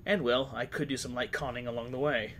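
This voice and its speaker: Petty con man, read plainly by a man in a mid-pitched voice. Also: fairly even intonation, fairly quick, a bit bright, slight background noise, lightly acted. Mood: wary. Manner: plain read-aloud narration. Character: scheming male charlatan, petty con man.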